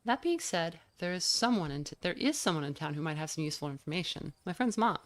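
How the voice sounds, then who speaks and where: A woman's voice: sits low, animated, fast talker, no room sound. A woman voicing an earnest, hesitant young woman who is anxious and curious.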